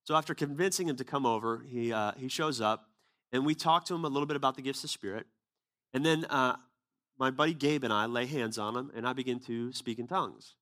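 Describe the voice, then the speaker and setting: A man's voice: mid-range voice, a little fast, sharp tone. A man preaching a sermon, telling a personal story in a casual, conversational way and then pressing his point earnestly. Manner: casual, conversational retelling with quoted dialogue.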